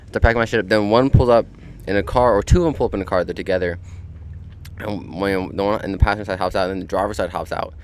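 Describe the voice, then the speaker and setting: A man's voice: fairly low pitch, steady tone, fast, darkish tone, a little hiss or hum. A young man hosting a podcast outdoors on a deck, telling a story in a laid-back way full of swearing and fillers. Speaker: podcast host. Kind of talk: casual storytelling monologue.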